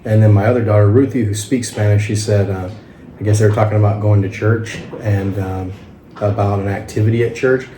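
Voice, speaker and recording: A man's voice: on the low side, fairly even intonation, fairly quick, warm tone. A middle-aged man chatting casually as a podcast host, laughing easily as he tells family stories. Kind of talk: casual chat. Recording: echoey room, faint noise.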